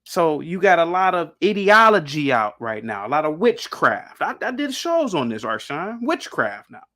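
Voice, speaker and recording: A man's voice: on the high side, big pitch swings, moderate pace, bright, forceful tone. A man speaking as a guest on a discussion panel, talking emphatically and rambling, with frequent restarts and repeated words. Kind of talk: casual opinionated discussion.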